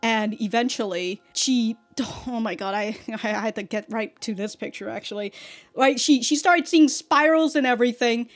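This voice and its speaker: A woman hosting a casual anime reaction, excitable and profane, often laughing. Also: on the high side, moderate pace.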